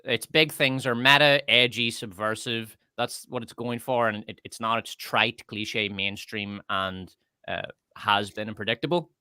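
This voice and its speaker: Male, sarcastic, mocking, worked up, livestream co-host, crisp bright voice. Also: lowish voice, steady tone, unhurried, no room sound. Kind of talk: sarcastic casual chat.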